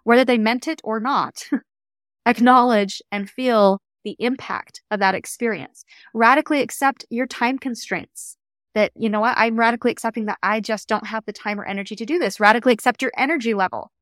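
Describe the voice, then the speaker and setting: A young adult woman, a coach hosting a solo podcast, talking in an earnest, reflective and gently encouraging way. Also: on the high side, fairly even intonation, normal speed, no echo, studio quality.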